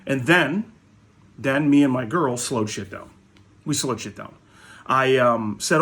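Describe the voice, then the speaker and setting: A man's voice: mid-range voice, slow, pauses often, fairly bright tone. Man, card seller, foul-mouthed ranting storyteller. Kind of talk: casual ranting vlog.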